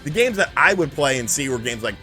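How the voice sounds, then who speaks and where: A man casually telling a profane, animated story about retro video games, acting out the people in it. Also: mid-range voice, fast talker, soft background music. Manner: profane, animated, acts out the people in his stories. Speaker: channel host.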